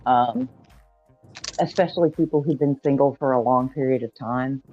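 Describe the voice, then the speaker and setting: A man from Georgia explaining things in a calm, measured way during a casual call-in chat. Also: mid-range voice, no echo, lo-fi sound, faint music behind.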